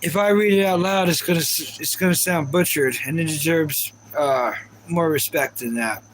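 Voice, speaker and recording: High-voiced man chatting on a live stream. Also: normal speed, a little hiss or hum, low-quality recording. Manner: rambling and chatty, with many fillers. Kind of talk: casual live-stream chat.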